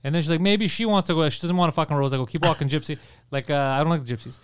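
A brash man rattles through a story at breakneck speed and swears freely. His voice sits a little high and sounds smooth and clean. He plays both sides of the exchange while chatting on a comedy podcast. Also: steady tone, rapid-fire, no room sound, studio quality. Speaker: podcast co-host. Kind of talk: casual comedy podcast chat.

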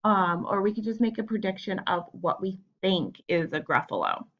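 A woman teacher talking to her young students on video, encouraging and animated. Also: mid-range voice, normal speed, muffled recording. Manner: encouraging, animated classroom talk. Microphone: home camera.

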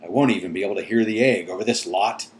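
A man's voice: fairly low pitch, fast talker, close to an everyday voice. A man voicing a wry, somewhat exasperated teenage boy in a storybook reading.

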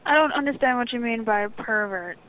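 A woman's voice: on the high side, a little fast. Firm, polite woman on the phone. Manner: polite but firm, apologetic. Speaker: shop manager. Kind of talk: phone call. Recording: phone line.

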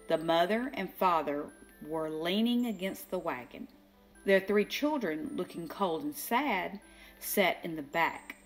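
An older woman reading a children's storybook aloud, slow and expressive, giving the characters their own voices. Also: lowish voice. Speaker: children's book reader.

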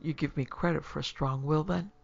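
A woman's voice: sits low, fairly even intonation, a little fast, gravelly. A woman voicing a cold, strong-willed young lady who speaks in a hard, scornful way. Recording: dull lo-fi recording.

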